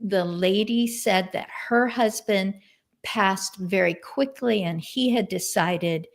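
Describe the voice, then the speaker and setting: A woman hosts a relaxed live-streamed conversation over a video call, her voice at a middle pitch. She talks in a chatty, rambling way and retells stories as she goes. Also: slow pace. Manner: chatty, retells stories by voicing what others said. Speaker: host.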